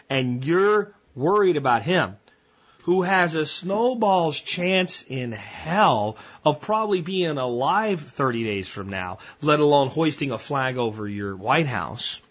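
A man's voice: on the high side, a bit bright, slightly rough, muffled recording. A man hosting a podcast, delivering a blunt, profane and combative ranting monologue. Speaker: podcast host.

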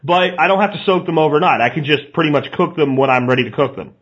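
A man's voice: fairly high pitch, fast. A man chatting casually and eagerly, stumbling into restarts. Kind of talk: casual chat. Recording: dull lo-fi sound.

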